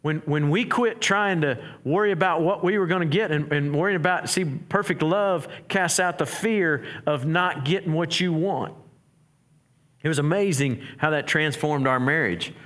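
Male pastor, middle-aged, conversational preaching style with many restarts, voice on the higher side. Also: moderate pace, fairly bright tone. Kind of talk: sermon.

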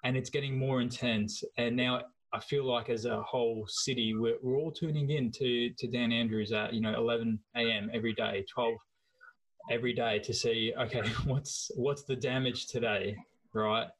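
A man with an Australian accent hosting a podcast, talking in a relaxed, conversational way and swearing casually. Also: medium pitch, moderate pace, rough recording. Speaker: podcast host.

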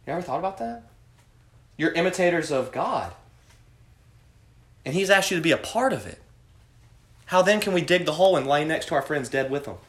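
In an echoey room with a group of students, a man leads a youth Bible study. His voice is on the high side, expressive and brisk, broken by long pauses. He preaches and quizzes the group, calling on students by name.

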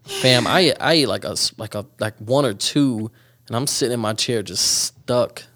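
Mid-pitched man, slangy reactive co-host in casual chat. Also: fairly bright tone. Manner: quick reactive interjections, slangy. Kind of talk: casual chat among friends.

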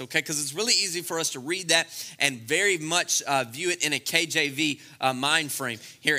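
A man preaching a lively, comedic sermon, acting out scenes in playful voices. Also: high-pitched. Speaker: pastor.

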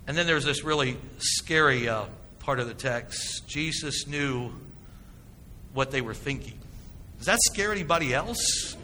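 A man's voice: mid-range voice, a little slow, sharp tone, big-room sound, slight background noise. A man preaching a sermon as a pastor, with emphatic delivery and rhetorical questions to the congregation. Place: church sanctuary.

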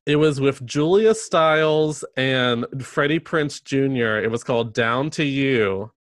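A man's voice: medium pitch, measured pace, a bit bright, dry recording. Man, podcast co-host, snarky, blunt, casual chat, dry close sound.

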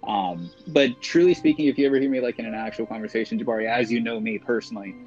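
A man's voice: mid-range voice, fast, a little mellow. A man as a podcast guest in casual chat, a talkative storyteller who speaks properly with many fillers. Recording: dull lo-fi podcast audio with music.

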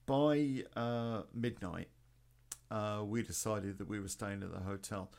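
A man's voice: lowish voice, measured pace, gravelly, darkish tone. A man telling a rambling personal story in a casual, sweary way, full of ums and restarts. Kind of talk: casual spoken anecdote.

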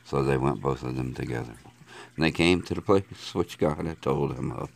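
A man reading scripture aloud in a measured, steady way, as a Bible reader. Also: rumbling low, vocal fry.

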